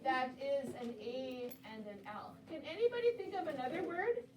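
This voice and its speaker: Woman, elementary teacher running a phonics lesson, high voice, encouraging, stretches out sounds; echoey room, heard from afar. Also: big pitch swings, a crowd in the background. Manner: encouraging, sounds out words slowly. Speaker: second-grade teacher. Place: classroom. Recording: roomy classroom audio from a distance.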